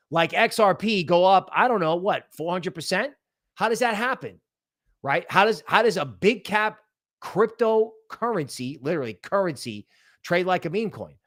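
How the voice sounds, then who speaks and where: A man hosting a crypto livestream, talking in an animated, emphatic way, firing off rhetorical questions and tagging lines with "right?". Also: on the high side. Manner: rapid-fire rhetorical questions. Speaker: crypto channel host. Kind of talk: livestream commentary.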